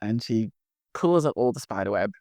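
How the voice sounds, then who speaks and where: Playful dad telling a bedtime story. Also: male voice, fairly low pitch, normal speed, dry recording, clean studio sound. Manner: playful, animated narration. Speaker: storyteller, father.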